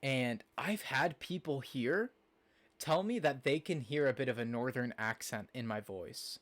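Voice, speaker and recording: A man's voice: medium pitch, a little slow, fairly bright tone. A young man from Nebraska, rambling casually to his live-stream chat with lots of fillers. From Nebraska, USA. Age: young adult.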